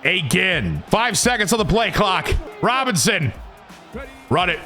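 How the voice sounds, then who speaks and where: Bright-voiced guy calling his own game plays, high and bouncy, loud then quiet, music under it. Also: very animated, unhurried. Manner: swings from loud hype to low muttering. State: sweaty and tired from long recording. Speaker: gaming YouTuber. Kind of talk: excited video game commentary. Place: his room.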